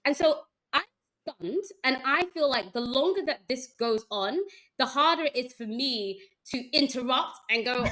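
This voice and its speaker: A woman app founder telling a story as a guest, with an expressive manner. She acts out the voices of the people she quotes and laughs easily. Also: high voice, moderate pace, poor audio. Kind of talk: animated storytelling.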